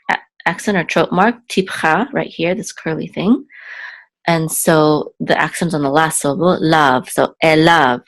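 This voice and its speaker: A woman teaching a Hebrew reading lesson, patiently sounding out syllables and repeating each word slowly. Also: sits low.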